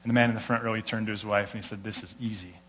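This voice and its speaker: A man with an American accent preaching a sermon, telling stories with lively delivery and acting out the people he quotes. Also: fairly low pitch, very fast. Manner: animated storytelling, acts out quoted voices. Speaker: pastor.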